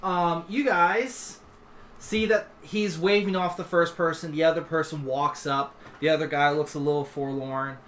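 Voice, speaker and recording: A man's voice: a little high, steady tone, normal speed, fairly bright tone, slight background noise. A man narrating as game master in a tabletop game, in a casual, filler-laden way.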